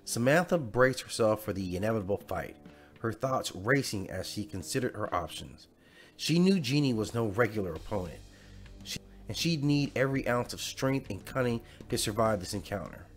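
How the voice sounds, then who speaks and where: A man's voice: lowish voice, animated, moderate pace, soft background music. Man narrating a dramatic bedtime story.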